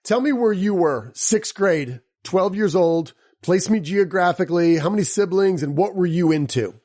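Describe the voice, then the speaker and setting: A slightly high-voiced man hosting a podcast. He reads a scripted introduction, then moves into upbeat, joking chat with his guests. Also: lively intonation, moderate pace, a little mellow. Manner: upbeat, joking, playful asides. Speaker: podcast host.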